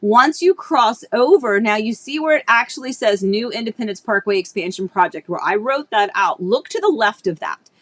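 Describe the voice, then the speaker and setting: A woman's voice: a little high, expressive, moderate pace, hardly any pauses, no room sound. A woman real estate agent chatting casually on a live stream, rambling with many restarts. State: tearful at times. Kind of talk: casual livestream chat.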